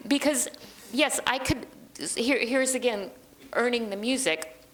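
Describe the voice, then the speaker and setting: A woman translator and librettist talking through her craft in a relaxed interview, thoughtful and chatty, often pausing with ums. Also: fairly high pitch, a little hiss or hum, poor audio. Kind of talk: conversational interview.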